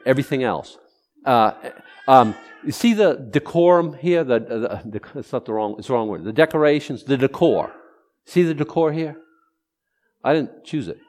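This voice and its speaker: A middle-aged man preaching a casual, rambling sermon to his congregation, breaking off and restarting his thoughts. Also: medium pitch. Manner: rambling, conversational, self-interrupting. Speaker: pastor. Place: church sanctuary.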